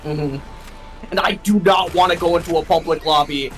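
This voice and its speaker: Foul-mouthed man, fairly high voice. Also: music in the background, poor audio. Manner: swears often, quick restarts. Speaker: co-streamer friend. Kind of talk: casual gaming chat.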